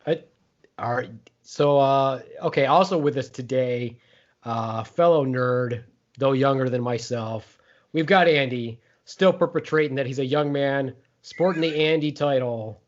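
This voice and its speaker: A man's voice: mid-range voice, measured pace. A middle-aged man hosting a podcast, teasing his co-hosts and hyping them up in casual chat. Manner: playful, teasing, hypes up the crew. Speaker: podcast host. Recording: dull lo-fi podcast audio.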